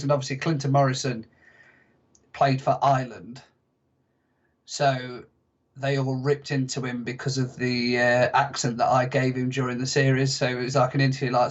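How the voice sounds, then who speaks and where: A man's voice: mid-range voice, highs cut off. A young man telling stories as a podcast guest, chatty and self-mocking. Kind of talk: casual podcast chat.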